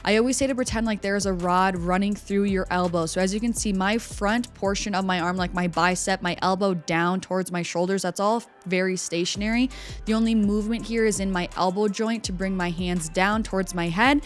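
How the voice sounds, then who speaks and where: Young woman explaining gym form, chatty trainer voice, soft music underneath. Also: mid-range voice, fairly even intonation, a little fast. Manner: instructive and chatty, with filler "like". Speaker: personal trainer. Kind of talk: voice-over workout explanation.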